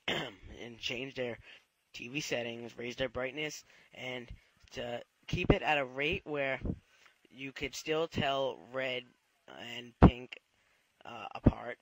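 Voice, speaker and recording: Male listener, mid-pitched, rambling with filler words, dry close sound. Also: fairly even intonation, slow pace, no room sound, rough recording. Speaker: listener sending a tip. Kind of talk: recorded tip segment.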